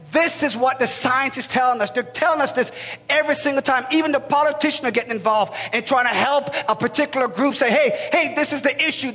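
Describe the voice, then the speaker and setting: Brief: man in his forties, pastor, high and bright voice, passionate sermon, big reverberant hall. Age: 40s. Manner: impassioned, rising to shouts, stammering restarts.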